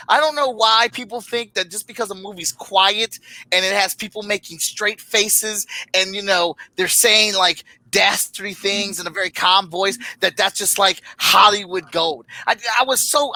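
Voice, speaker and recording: A man co-hosting a casual trailer-review show, talking in an excitable, animated way and reading viewer comments aloud. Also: high-pitched, normal speed, dry recording, rough recording. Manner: excitable, animated, exclaims and reads chat aloud. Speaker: podcast co-host reviewing trailers. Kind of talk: casual chat.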